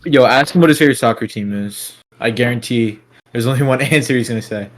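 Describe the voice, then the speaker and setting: A teenage boy in relaxed conversation on a podcast. He speaks in an easy, chatty way, casual and unhurried. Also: medium pitch. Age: teens. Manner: relaxed, chatty, talks sports. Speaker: podcast co-host. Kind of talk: casual chat.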